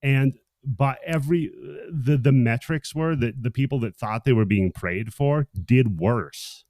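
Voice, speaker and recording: A man appearing as a guest on a casual podcast, who reasons calmly and makes wry, dark jokes. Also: mid-range voice, unhurried, dry recording, clean studio sound.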